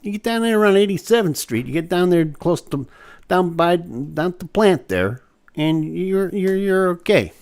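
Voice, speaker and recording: A man's voice: high-pitched, expressive, moderate pace, darkish tone. A man hosting a live online show, chatting casually with viewers and going off on joking, rambling rants.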